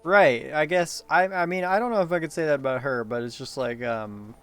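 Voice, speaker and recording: A man's voice: a little high, fairly quick, a bit bright, soft background music. A man talking in a rambling solo monologue, meandering and profane, with frequent laughs and restarts.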